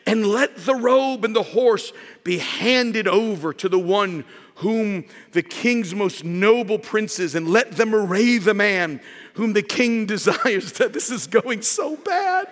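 Man, pastor, very high voice, slow deliberate delivery, animated storytelling sermon. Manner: animated storytelling preacher, acting out scripture with shouts and asides. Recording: echoey hall with long reverb.

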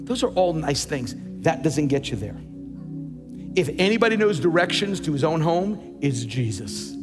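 A man's voice: on the high side, big pitch swings, normal speed, long reverb tail, over music. A man preaching a sermon as pastor, emphatic and repeating words as he builds his points.

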